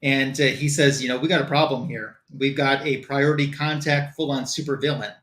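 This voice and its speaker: Male comic show reviewer, mid-pitched, loose chatty retelling, roomy echo. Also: a little fast, a little hiss or hum. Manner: retells the story loosely, quoting characters in a lively way. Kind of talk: casual comic recap.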